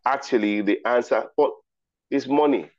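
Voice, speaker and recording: A man's voice: medium pitch, moderate pace, darkish tone, no echo. A man hosting a virtual ceremony, running a riddle quiz in a playful, teasing way and reading out chat replies. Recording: dry, dull lo-fi call audio.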